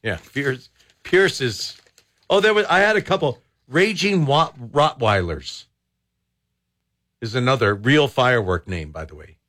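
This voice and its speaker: A man's voice: medium pitch, animated, measured pace, a bit bright. A man hosts a radio talk show, chatting loosely and tossing off sarcastic asides. He sits close to a studio microphone and keeps the commentary casual.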